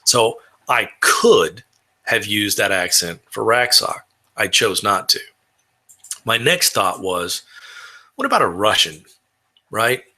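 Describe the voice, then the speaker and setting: A man's voice: on the low side, animated, slow, long pauses, sharp tone. A man from Texas talking casually about building roleplaying characters, rambling with frequent restarts. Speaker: tabletop roleplayer.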